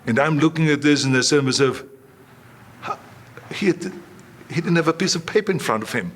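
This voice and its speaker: A man's voice: fairly high pitch, a little fast, slight background noise. Austrian-accented man telling stories. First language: German. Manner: animated anecdotes with quoted voices. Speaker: guest. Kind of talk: storytelling interview.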